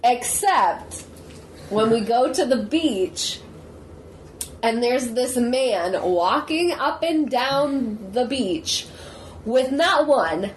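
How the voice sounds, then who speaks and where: A woman's voice: on the high side, animated, very slow, slight background noise. A young adult woman co-hosting a casual podcast, telling stories in a chatty, laughing way and swearing freely. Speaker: podcast co-host. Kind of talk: casual chat.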